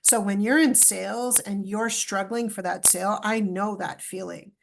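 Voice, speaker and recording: Female guest, middle-aged, gravelly texture, animated storyteller. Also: medium pitch, normal speed, slight background noise. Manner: animated storyteller, acts out dialogue. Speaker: podcast guest. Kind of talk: storytelling in a podcast interview.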